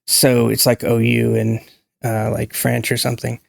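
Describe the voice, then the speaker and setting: Man, gravelly voice, emphatic and opinionated, casual talk to camera, dry close sound. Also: mid-range voice, completely flat delivery, moderate pace, no echo. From United States. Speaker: YouTube language commentator.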